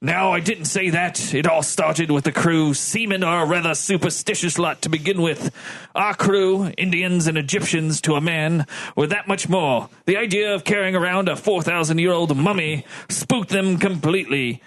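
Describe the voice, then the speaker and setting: A man's voice: fairly high pitch, normal speed, hardly any pauses, a bit bright, voice pushed up, close to an everyday voice. A man voicing a blustery male ship's lieutenant in a mock Scottish accent, reading a board game's case text aloud theatrically. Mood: gossipy. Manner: theatrical read-aloud, breaks into laughter.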